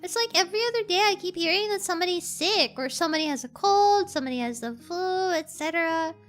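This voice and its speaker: A young woman with a very high, sharp, bright voice rambles casually to her stream chat, full of "like" and little giggles. Soft background music plays faintly under her close-mic'd talk. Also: fast. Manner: rambling, filler-heavy, giggly. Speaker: VTuber streamer. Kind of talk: casual chat with livestream viewers.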